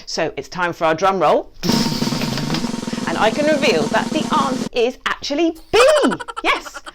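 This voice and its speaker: A woman hosting a playful children's quiz from her basement, joking and trying silly accents. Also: fairly low pitch. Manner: animated, jokey, with mock accents and asides. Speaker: quiz host, children's author. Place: basement at home.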